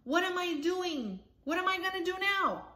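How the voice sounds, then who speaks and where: A woman voicing a flustered grandmother whose dinner is ruined, exclaiming in a high, dismayed voice. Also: animated, moderate pace, bright, forceful tone, echoey room, exaggerated voice.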